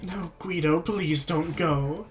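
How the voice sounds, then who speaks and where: A worried young village wife begs her husband to stay, as a streamer reads her part. Soft and pleading, with light music in the back. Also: medium pitch, slow pace, far from the mic, lightly acted.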